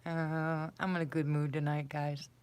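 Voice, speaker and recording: Low-voiced chatty woman livestreaming. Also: flat delivery, unhurried, a little mellow, smooth. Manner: rambling, self-deprecating, chatty. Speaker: livestream host. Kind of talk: casual chat with viewers. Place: sitting on a floor indoors.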